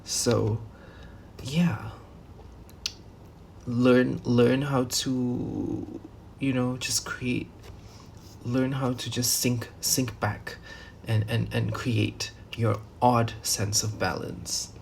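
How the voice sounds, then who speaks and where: A tarot reader gives a loose, meandering reading, peppered with fillers, false starts and the occasional swear word. He speaks extremely slowly in a level tone, at an ordinary pitch with a noticeable gravelly fry, while a faint hiss runs beneath the recording.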